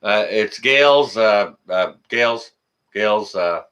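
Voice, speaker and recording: A man's voice: fairly low pitch, animated, extremely slow, a bit bright. A man hosting a casual live stream, rambling, teasing his guest and reading out viewer comments.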